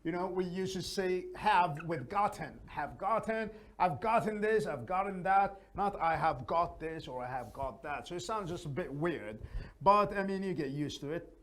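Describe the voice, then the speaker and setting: A man's voice: high-pitched, animated, moderate pace, a bit bright. A man teaching an English lesson in a chatty, casual way, often adding his own opinions. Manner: chatty, gives opinions, frequent fillers.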